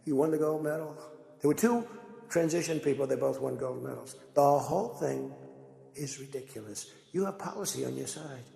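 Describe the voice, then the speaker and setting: An older man giving a rambling, conversational speech to a crowd, telling animated stories as he goes. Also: mid-range voice, normal speed, creaky, soft background music. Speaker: political speaker. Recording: echoey hall with long reverb.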